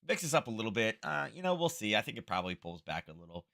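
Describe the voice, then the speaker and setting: Male stream host, slightly hoarse, casual rambling delivery, close-miked at home. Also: on the low side, sing-song, fast talker, pushed and bright. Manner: rambling, thinking aloud, chuckling asides. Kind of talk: casual livestream chat. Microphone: close-up desk microphone.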